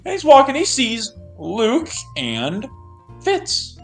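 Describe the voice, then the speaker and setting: A man co-hosting an anime review podcast, chatting casually with animated, joking banter. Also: extremely high pitch, takes it slowly, faint music behind.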